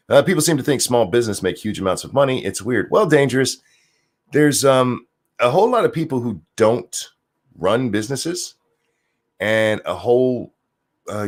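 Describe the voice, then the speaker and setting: A man with a lowish voice that swings widely as he rants. He reads out viewer comments and answers them with sarcasm and profanity in casual stream commentary. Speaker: streamer host.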